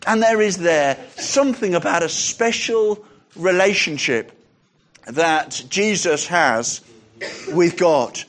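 A man preaching a sermon, emphatic, asking rhetorical questions and slowing down on key phrases. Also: high-pitched, a bit bright.

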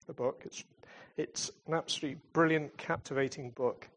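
A man's voice: a little high, fairly even intonation, normal speed, fairly bright tone. A man who represents a charity in churches, giving an informal, chatty talk that ends in a prayer. He tells stories with hesitations and restarts and calls himself a fun-loving comedian type.

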